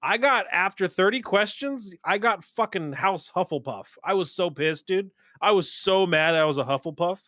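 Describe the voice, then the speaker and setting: A man's voice: high-pitched, moderate pace, few pauses, dry recording, studio quality. A young adult man hosting a casual movie chat, telling stories with a lot of swearing and laughter. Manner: animated, swearing, laughing storyteller. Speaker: podcast host.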